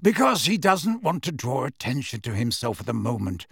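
A man voicing a grave, knowing adult godfather who explains things in a low voice. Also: big pitch swings, normal speed, gravelly, a bit bright, breathy edge, dry recording, clean studio sound, exaggerated voice. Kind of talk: audiobook character voice.

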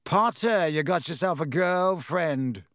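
A snobbish schoolboy wizard, as a male reader puts him on, drawling out mean taunts. The voice is on the high side and recorded dry and close. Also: fairly even intonation, moderate pace, fairly bright tone, clear, resonant tone, no room sound, natural voice. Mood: taunting.

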